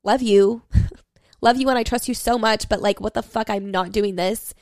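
A woman's voice: medium pitch, fairly even intonation, moderate pace, no room sound. A young woman in her twenties hosting a candid solo podcast, talking frankly with lots of swearing and "like" fillers, giving listeners a pep talk. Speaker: podcast host.

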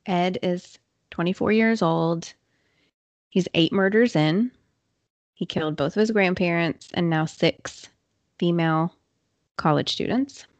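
A woman's voice: fairly low pitch, darkish tone, dry recording, lo-fi sound. Chatty woman telling a true crime story. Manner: chatty, quick, uses filler words. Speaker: podcast host.

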